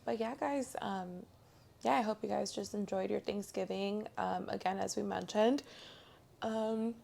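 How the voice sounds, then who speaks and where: Young-sounding woman with a gravelly edge. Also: mid-range voice, fairly even intonation, unhurried, warm tone. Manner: upbeat, laughs easily, many fillers. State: slightly congested. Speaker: podcast co-host. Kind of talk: casual chat.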